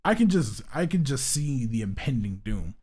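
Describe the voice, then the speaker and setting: Animated young man reacting to a game. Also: medium pitch, moderate pace, husky. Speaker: gaming YouTuber. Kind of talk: let's play, reading a visual novel aloud.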